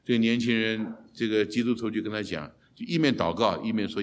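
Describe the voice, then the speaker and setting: A man preaching a sermon and translating himself, telling a story with big swings between loud and soft. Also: fairly low pitch, fast, few pauses, a little hiss or hum. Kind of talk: sermon with self-interpretation.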